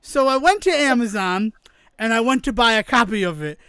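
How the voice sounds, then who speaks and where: A man co-hosting a podcast in casual chat, animated, laughing often and acting out quoted exchanges. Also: extremely high pitch, fairly quick, clear, resonant tone, dry recording, studio quality. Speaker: podcast co-host.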